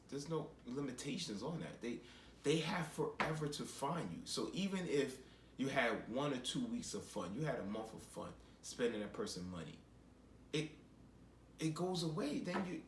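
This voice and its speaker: Male vlogger, preachy and rambling commentary, mid pitch, roomy echo. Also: a little hiss or hum. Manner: rambling and preachy, with repeated phrases. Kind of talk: casual commentary monologue. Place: home, seated in a chair.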